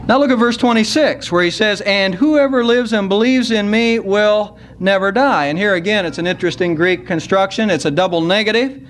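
A man preaching a sermon at a church service, earnest and unhurried, slowing down to stress key words. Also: high-pitched, fairly bright tone, slight background noise. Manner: earnest, slows down to stress scripture.

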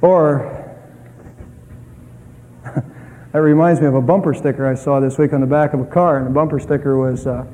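A middle-aged man preaching a sermon as a pastor, earnest, swinging between loud and soft. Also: mid-range voice, steady tone, normal speed, pauses often. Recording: echoey hall with long reverb.

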